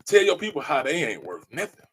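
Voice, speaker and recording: A man's voice: on the high side, huge pitch swings, brisk, fairly bright tone, husky. A man hosting a podcast, delivering a passionate monologue in an emphatic, preachy way and repeating his key phrases. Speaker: podcast host.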